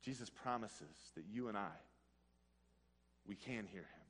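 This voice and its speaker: A man giving an earnest devotional talk, telling a personal story, with delivery that swings between hushed and excited. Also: fairly low pitch, measured pace, slightly rough, long reverb tail. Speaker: speaker at a Christian health ministry.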